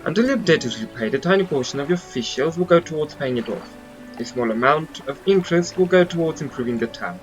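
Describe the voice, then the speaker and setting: A man voicing a posh, smooth-talking English male mayor with formal, polished speech. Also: on the high side, expressive, a little fast, lo-fi sound, soft background music, close to an everyday voice. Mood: courteous.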